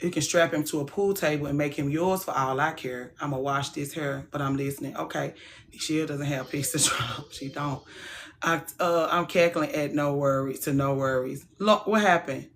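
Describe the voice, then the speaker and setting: Woman, livestream host, casual chat, frank, soft to loud swings, lowish voice. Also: moderate pace, slight background noise.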